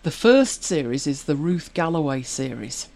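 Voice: medium pitch, sing-song, moderate pace, darkish tone. A podcast co-host chatting casually, rambling along with many fillers and restarts. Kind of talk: casual chat about audiobooks.

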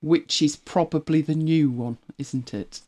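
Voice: mid-range voice, a little slow, warm tone. A host chatting casually to viewers on a livestream, rambling and correcting themselves as they go. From United Kingdom. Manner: chatty, rambling, self-correcting, laughs often.

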